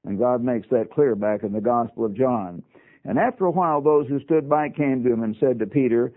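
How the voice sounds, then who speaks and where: A man's voice: medium pitch, a little fast, phone-quality sound. Emphatic male radio preacher, phone-thin sound. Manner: emphatic, with folksy asides to listeners. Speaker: radio Bible teacher. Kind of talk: broadcast sermon on scripture.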